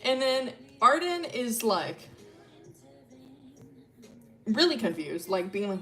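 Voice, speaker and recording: This woman's voice is on the high side and sharp in tone, very animated yet slow-paced, with long pauses. As a streamer, she casually recounts a story about her original characters over faint music, rambling with many fillers, swearing freely and laughing a lot.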